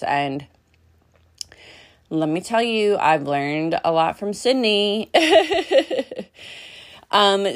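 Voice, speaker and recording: A young woman hosting a podcast, chatting casually with fillers and light laughs. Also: deep voice. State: out of breath. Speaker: podcast host.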